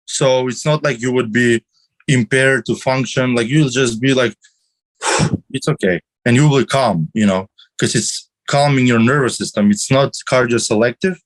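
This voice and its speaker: A man's voice: mid-range voice, normal speed, rough recording. A man on a podcast explaining things at length, with many restarts and fillers. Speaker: podcast guest. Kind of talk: casual podcast chat about drugs.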